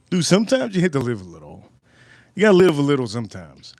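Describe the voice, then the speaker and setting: A man's voice: a little high, wildly swooping pitch, quick pace, darkish tone, dry recording, clean studio sound. A man casually hosting a live stream, joking loosely and talking to viewers in the chat.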